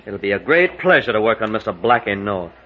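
An actor playing a cheerful, wisecracking sidekick with a Texan accent and folksy slang, in old radio drama style. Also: male voice, on the low side, sing-song, fairly quick. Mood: plotting. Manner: folksy, joking, drawling slang. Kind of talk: 1940s radio acting. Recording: dull lo-fi old radio recording with faint hiss.

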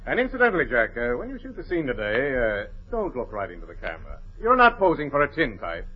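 An actor playing a brisk, bossy, exasperated film director in 1940s radio-comedy style. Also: male voice, mid-range voice, huge pitch swings, husky. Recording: dull old radio broadcast.

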